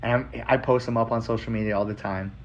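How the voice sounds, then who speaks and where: Male podcast host, mid-pitched, casual and profane storyteller, recorded with dull lo-fi audio. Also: fairly even intonation, fast, slight background noise. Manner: loose and profane, with frequent "like" fillers.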